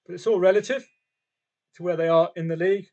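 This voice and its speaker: A man's voice: sits high, fairly even intonation, quick pace, warm tone, highs cut off. Chatty man on a betting livestream. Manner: chatty, talks to himself and viewers, rhetorical questions. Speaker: football trading livestream host. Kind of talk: casual live commentary on matches and bets.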